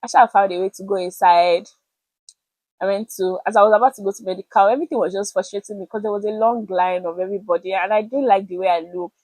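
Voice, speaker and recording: Young nigerian woman vlogging, chatty story, mid pitch, dry close sound. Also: quick pace, dry recording, rough recording. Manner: chatty and animated, with pidgin words. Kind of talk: casual storytelling to camera.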